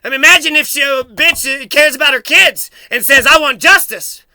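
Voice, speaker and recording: A man's voice: very high voice, a little fast, pushed and bright, dry recording. A man angrily ranting at his mother, accusatory and full of swearing, repeating himself. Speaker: vlogger confronting his mother. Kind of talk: angry profane rant.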